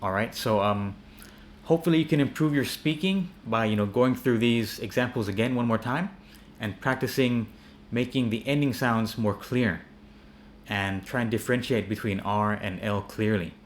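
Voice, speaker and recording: A man teaching English pronunciation in a relaxed, repetitive style, often checking in with "yeah?". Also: lowish voice, moderate pace, slight background noise. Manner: relaxed, repeats words and asks "yeah?" often. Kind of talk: casual spoken lesson.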